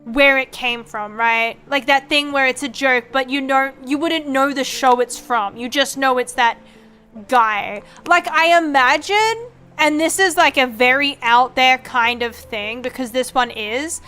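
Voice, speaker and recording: Young woman, high bright voice, rambling sweary chat, faint music behind; casual streamer read. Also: unhurried, clean tone. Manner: sweary, rambling, animated storytelling. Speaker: vtuber streamer.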